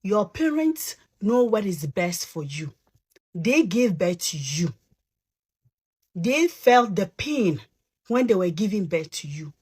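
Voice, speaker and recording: Slow, husky pleading woman. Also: medium pitch, sing-song, darkish tone. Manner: pleading, deliberate. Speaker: parent. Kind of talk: impassioned appeal.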